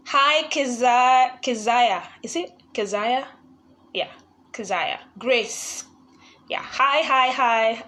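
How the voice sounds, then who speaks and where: A woman's voice: on the high side, fairly bright tone. A young woman hosting a live online session, chatting casually and laughing often as she greets viewers. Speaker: live webinar host.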